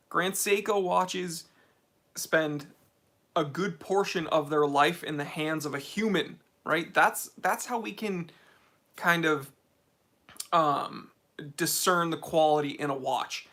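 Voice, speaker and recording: Bright-voiced, chatty American man. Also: fairly high pitch. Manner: chatty and opinionated, with many fillers and restarts. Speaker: watch channel host. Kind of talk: casual livestream Q&A.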